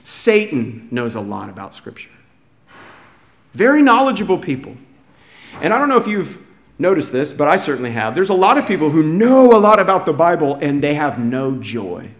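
Male pastor, slightly high voice, earnest sermon delivery with repeated restarts. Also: very animated, normal speed. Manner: emphatic, restarts phrases, swings from hushed to raised.

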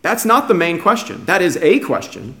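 Male pastor, slightly high voice, earnest sermon delivery with repeated restarts. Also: wildly swooping pitch, normal speed. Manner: emphatic, restarts phrases, swings from hushed to raised.

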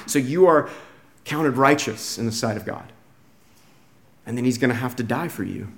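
Earnest preaching man, slightly high voice. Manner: earnest, emphatic preaching with frequent repeated words and restarts. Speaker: pastor. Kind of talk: sermon.

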